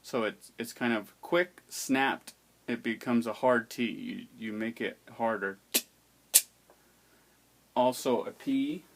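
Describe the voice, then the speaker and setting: A man's voice: mid-range voice, fairly even intonation, slow pace, pauses often. A man teaching how to pronounce the letters of an alphabet, patiently demonstrating each sound aloud. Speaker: language teacher. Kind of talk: explaining an alphabet's pronunciation.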